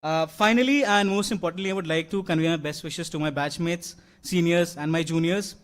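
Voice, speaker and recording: Speaking fairly quickly with a voice on the high side, a young award-winning graduate gives a heartfelt convocation speech. It echoes through a large convocation hall, peppered with fillers and false starts.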